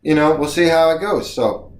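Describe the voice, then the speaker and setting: This video lesson features a man, a speaking coach, encouraging viewers as he walks them through breathing exercises. His slightly high voice moves at a moderate pace, bouncing off an echoey room.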